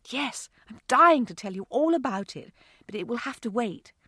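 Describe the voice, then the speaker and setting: A woman voicing a warm, caring mother who speaks earnestly. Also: on the high side, lively intonation, normal speed, husky, no room sound, clean studio sound, pitched above the performer's own voice, full character voice.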